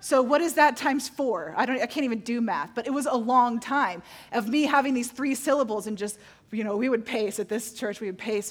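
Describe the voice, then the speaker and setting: A woman's voice: fairly high pitch, brisk. A middle-aged woman pastor preaching a sermon, telling personal stories in a candid, self-deprecating way with playful asides.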